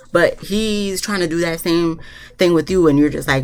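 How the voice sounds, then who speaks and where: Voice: medium pitch, quick pace, soft background music. A reviewer recapping a reality show in casual chat, ranting bluntly with plenty of swearing and acting out what others said. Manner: blunt, profane, animated ranting; often acts out quotes of others.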